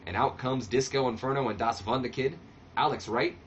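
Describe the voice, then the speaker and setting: A man talks through a wrestling management game in a casual, sarcastic let's-play style, often poking fun at himself. His voice sits at an ordinary pitch. The recording is slightly dull, with a faint hiss in the background. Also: brisk. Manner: casual, sarcastic and self-deprecating. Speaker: channel host.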